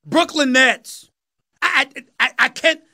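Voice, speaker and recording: A New York City sports talk host in his fifties delivers a slow commentary monologue, his unusually high voice bright and forceful. He preaches his points with emphasis, driving them in by repeating phrases.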